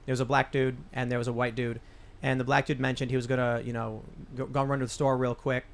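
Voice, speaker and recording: A man's voice: medium pitch, flat delivery, fast talker. A man hosting a political talk show, telling a rambling story with many restarts. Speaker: podcast host.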